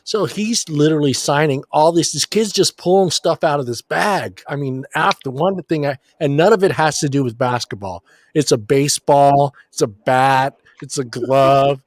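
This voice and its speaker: A man's voice: on the high side, normal speed. A man co-hosting a casual sports chat show, telling long rambling stories and swearing casually. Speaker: podcast co-host.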